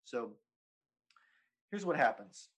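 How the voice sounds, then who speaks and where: A man's voice: medium pitch, sing-song, takes it slowly, slightly rough, low-quality recording. A man in his thirties telling a story in casual chat, rambling, swearing and laughing often. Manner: profane, rambling, laughs often, says "dude" constantly.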